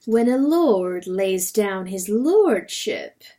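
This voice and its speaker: A woman voicing a solemn, chanting voice from a dream that judges a rooster, intoning slowly. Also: mid-range voice, big pitch swings, dark tone.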